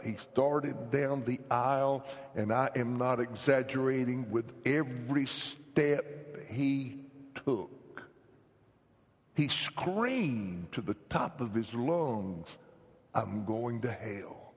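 A man from North Carolina, preaching an emphatic revival sermon that swings between loud, shouted lines and hushed whispers. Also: mid-range voice, in a large hall. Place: church sanctuary.

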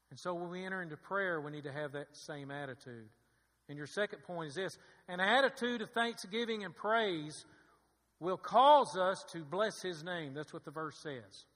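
Pastor, male, fervent sermon delivery, bright forceful tone, reverberant church sanctuary. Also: high-pitched, moderate pace. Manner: preaching with rising fervor and call-and-response asides. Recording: long hall reverb.

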